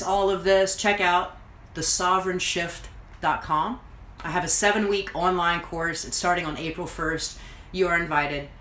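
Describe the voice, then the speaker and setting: A woman with a fairly low voice talks straight to her viewers, earnest and reflective, like a coach. The room around her rings a little, with a faint hum of noise underneath. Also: fairly bright tone, reverberant, rough recording. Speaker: host, coach. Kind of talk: motivational talk to camera. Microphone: livestreamed to social media.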